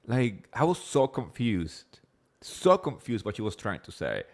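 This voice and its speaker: A man with an accent hosting a casual live recap chat, rambling quickly with lots of fillers and swearing freely. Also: mid-range voice, big pitch swings. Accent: non-native English accent. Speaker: host of a reality TV recap show.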